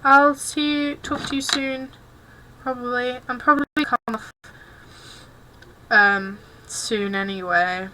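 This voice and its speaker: Young English woman, cosplay streamer, high and unhurried, shy and apologetic. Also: steady tone, sharp tone, a little hiss or hum, poor audio. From England. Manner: self-consciously awkward and apologetic. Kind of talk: casual chat while crafting.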